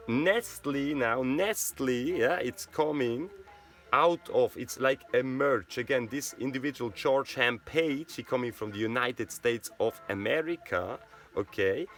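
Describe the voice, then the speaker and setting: A man's voice: medium pitch, unhurried, a bit bright, faint music behind. A man from Switzerland, a native Swiss German speaker, talking in English with a Swiss German accent. His monologue rambles, and he keeps tagging his sentences with "you know" and "right?".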